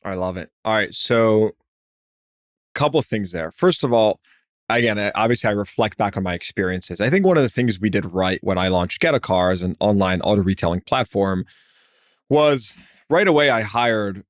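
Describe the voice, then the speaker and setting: A man's voice: lowish voice, animated, dry recording, studio quality. Chatty man hosting a podcast. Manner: chatty, filler-heavy, quick asides. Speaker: podcast host. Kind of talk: casual interview talk.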